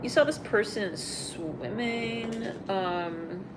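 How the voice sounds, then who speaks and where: A woman's voice: medium pitch, extremely slow, background noise. A young woman doing a casual live tarot reading, rambling and blunt, full of filler words and swearing. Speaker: tarot reader.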